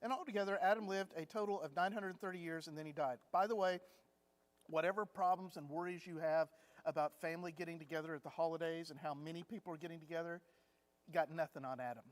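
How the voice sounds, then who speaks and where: Guy teaching a bible class, chatty funny storyteller, kinda high voice, big hall echo. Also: fast. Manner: chatty storyteller acting out anecdotes with humor. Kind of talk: conversational Bible lesson. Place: church classroom. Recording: long hall reverb.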